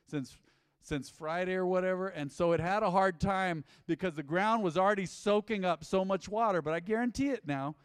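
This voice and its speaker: Male pastor, higher voice, emphatic call-and-response preaching, church hall reverb. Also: normal speed, smooth, studio quality. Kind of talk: sermon. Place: church sanctuary.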